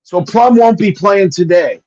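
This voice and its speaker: Man, high voice, excitable betting analyst, dull lo-fi audio. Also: a little slow. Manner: excitable, swears, rattles off stats. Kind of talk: casual betting show chat.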